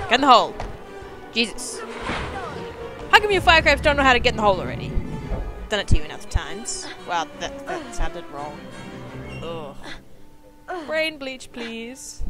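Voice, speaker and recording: A young woman commentating her own video game playthrough, excitable and self-mocking, yelping when things go wrong. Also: fairly high pitch. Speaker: let's play gamer. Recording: game music playing behind.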